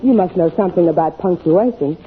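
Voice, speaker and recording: A woman playing a patient, exasperated wife and mother in a 1940s radio sitcom, gently scolding, on a scratchy old broadcast. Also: on the low side, fairly quick, husky, narrow, tinny audio.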